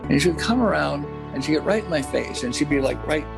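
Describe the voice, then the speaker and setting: A man as an interview guest, earnestly recounting a personal experience, halting and restarting often. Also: a little high, animated, gravelly, over music.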